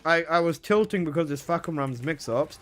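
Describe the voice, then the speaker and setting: A man's voice: on the high side, animated, a little fast, soft background music. A man live streaming, chatting casually with his viewers, swearing and laughing often.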